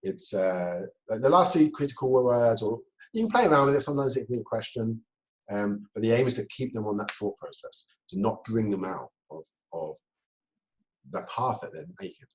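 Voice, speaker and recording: A man giving a talk on communication, lively, laughing often and acting out quoted exchanges. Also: lowish voice, moderate pace, rough recording. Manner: lively, laughs between points, acts out quoted dialogue. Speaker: speaker.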